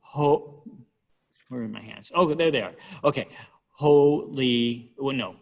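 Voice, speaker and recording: Brief: middle-aged man, church talk on hymns, chatty, wry asides, mid pitch. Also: slow pace, creaky. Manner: chatty and wry, counting syllables aloud with rising pitch. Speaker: church musician giving a talk on hymnals. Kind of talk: informal church lecture.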